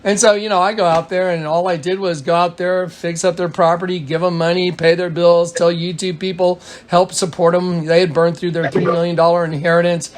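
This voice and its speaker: A man with a fairly high voice talks over a phone call in a loose, rambling flow. He keeps restarting his sentences and slips into quoted speech as he retells conversations. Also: flat delivery, fairly quick, hardly any pauses, slight background noise. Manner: rambling, many restarts and fillers. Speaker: caller recounting events.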